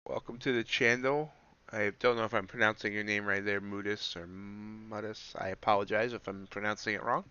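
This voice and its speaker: A man's voice: on the low side, fast, clear, resonant tone, dry recording, highs cut off. A man hosting a casual live stream, commenting on the futures market and answering chat as he goes. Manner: relaxed, thinks aloud, answers chat. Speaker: livestreaming futures trader.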